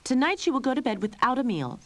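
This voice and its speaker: A woman voicing a strict, stern mother cat in a game storybook, sharp and scolding. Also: high voice, big pitch swings, fast, voice pushed up. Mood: angry.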